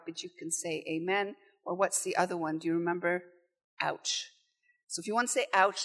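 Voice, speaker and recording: A woman preaching a sermon in a church, conversational and animated, acting out quoted voices. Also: mid-range voice.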